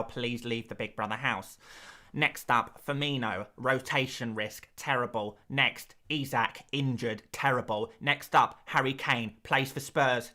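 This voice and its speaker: A man's voice: medium pitch, bright, forceful tone. A man doing a pompous stats-nerd voice. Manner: over-precise, mock-formal delivery. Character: pompous nerdy man presenting statistics.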